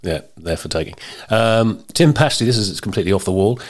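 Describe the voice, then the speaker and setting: A man's voice: lowish voice, lively intonation, brisk. A man in his fifties hosting a football podcast, chatty and teasing, often chuckling while reading listener messages. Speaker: podcast host.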